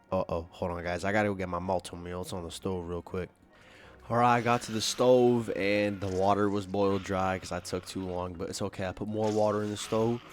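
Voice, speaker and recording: A young man giving casual, rambling gameplay commentary at home, swearing often and full of fillers and restarts. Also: fairly low pitch. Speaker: gaming video creator. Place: home, at his computer.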